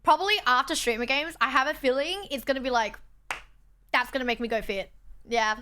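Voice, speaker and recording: A woman's voice: sits high, a little fast, sharp tone, a little hiss or hum. A young Australian woman livestreaming, chatting casually and thanking her chat on a borrowed setup. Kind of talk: casual stream chat reading chat. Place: borrowed streaming setup indoors.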